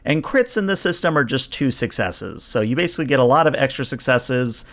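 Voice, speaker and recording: A man running a science fiction tabletop game as game master, with a mid-range voice. He narrates scenes and explains the rules in a relaxed, explanatory way, slowing down to stress key moments. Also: mid-range voice.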